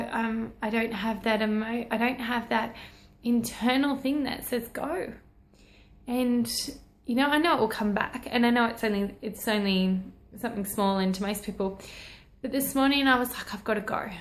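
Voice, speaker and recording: A woman's voice: mid-range voice, gravelly, roomy sound. Earnest woman on a selfie video. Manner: earnest, rambling, self-encouraging. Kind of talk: personal selfie video talk. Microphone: phone held at arm's length.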